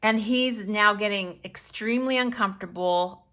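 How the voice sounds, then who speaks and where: Bright, animated woman telling a story. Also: mid-range voice, moderate pace. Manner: animated storyteller who acts out quoted dialogue. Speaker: planner channel host. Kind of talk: chatty storytime while planning.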